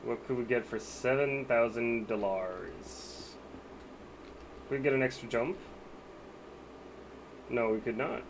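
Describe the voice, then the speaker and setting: A man's voice: medium pitch, slow, gravelly, long pauses, noisy background. A man live-streaming a game, chatting casually with his viewers and thinking aloud about what to buy.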